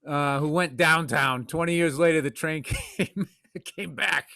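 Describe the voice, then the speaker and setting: High-voiced blunt man on a podcast. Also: unhurried, gravelly, sharp tone. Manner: blunt, profane, joking. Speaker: podcast co-host. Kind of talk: casual comedy podcast chat.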